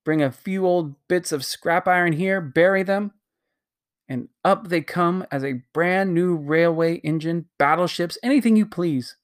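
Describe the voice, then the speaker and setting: Reader doing greedy old uncle in his 60s, pompous, gloats, schemes out loud, storybook voice. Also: high voice, a little slow, smooth, voice pushed up. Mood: scheming. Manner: gloating, grandly excited, schemes aloud.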